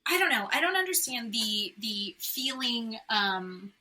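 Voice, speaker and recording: A woman's voice: a little high, unhurried, poor audio. A woman co-hosting a podcast, chatting casually and bluntly about reality TV, swearing freely and acting out what others said. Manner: blunt, swears freely, animated retelling with mimicked quotes. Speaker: podcast co-host. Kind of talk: casual chat recapping reality TV.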